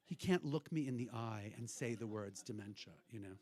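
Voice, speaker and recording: A man's voice: medium pitch, quick pace, darkish tone, no room sound. A man hosting a cabaret show, talking to the audience in rambling, irreverent stage banter, swearing freely. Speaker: cabaret host and performer. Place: hotel cabaret room.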